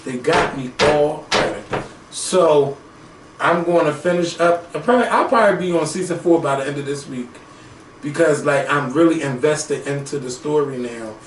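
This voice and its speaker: A man co-hosting a casual chat, talking in an animated, excitable, profane way. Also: a little high, normal speed. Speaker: podcast co-host. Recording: echoey room, voice from a distance, faint noise.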